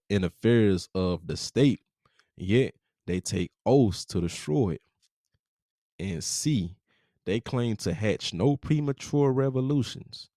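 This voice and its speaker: A man's voice: low-pitched, mellow, no echo, clean studio sound. A man hosting a podcast, reading passages from a book aloud and adding casual, profane comments between them, speaking. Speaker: podcast host.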